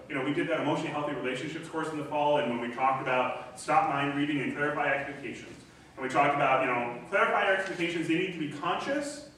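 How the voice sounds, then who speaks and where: A middle-aged man preaching a sermon as pastor, animated and acting out voices in the quoted dialogue. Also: a little high. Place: church hall. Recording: echoey room from a distance, faint noise.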